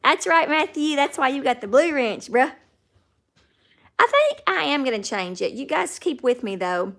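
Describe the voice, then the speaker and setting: Chatty Southern woman with a gravelly voice. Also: sits high, animated, moderate pace, fairly bright tone. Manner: chatty, talks to viewers by name. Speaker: livestream host. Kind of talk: casual livestream chat reading viewer comments.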